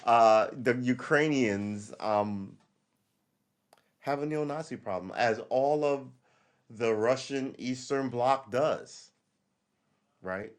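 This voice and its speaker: A man's voice: medium pitch, takes it slowly, pauses often, clean tone. Rambling man hosting a live stream. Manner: rambling, self-correcting, reads chat aloud. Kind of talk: casual rambling commentary.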